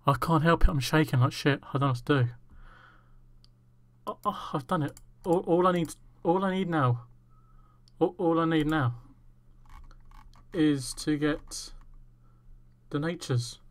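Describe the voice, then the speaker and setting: A gaming YouTuber, a man, trembling with excitement and repeating himself, swearing in overjoyed gameplay commentary. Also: on the high side, a little slow, pauses often, no room sound.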